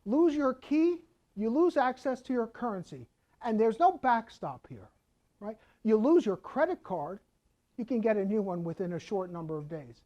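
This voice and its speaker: A woman's voice: fairly high pitch, sing-song, normal speed, mellow, highs cut off. A woman, an accountant giving a conversational lecture that she explains with rhetorical questions and asides.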